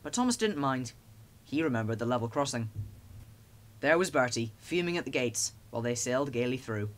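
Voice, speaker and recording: A man narrating a children's storybook with a lively, expressive reading. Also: mid-range voice, brisk.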